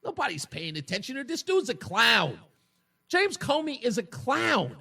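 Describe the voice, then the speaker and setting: A male talk radio host with a high, lively voice that leaps around in pitch. He mocks and taunts his opponents, rising to shouts and dropping to low jeers. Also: unhurried, gravelly, husky. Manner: mocking, combative, swings between shouting and low taunts. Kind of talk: opinionated political talk radio monologue.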